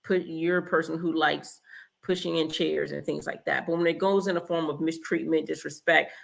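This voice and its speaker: A woman's voice: low voice, fairly even intonation, moderate pace, creaky. Blunt, emphatic woman giving relationship advice. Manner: emphatic, blunt, acts out example dialogues. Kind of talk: direct-to-camera advice talk.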